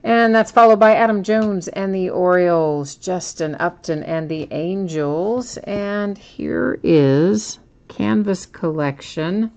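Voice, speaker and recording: A woman's voice: lowish voice, slow pace, a little mellow. A woman hosting a live card break, chatting casually as she opens packs and reads out each card.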